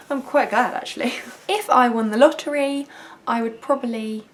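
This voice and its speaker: A young woman vlogger chatting to camera, self-mocking and laughing often. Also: medium pitch. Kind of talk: casual chat to camera.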